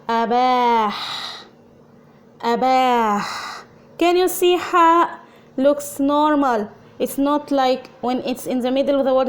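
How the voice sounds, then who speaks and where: A woman with an Arabic accent teaching a language lesson, speaking patiently and repeating sounds for learners to copy. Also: high voice.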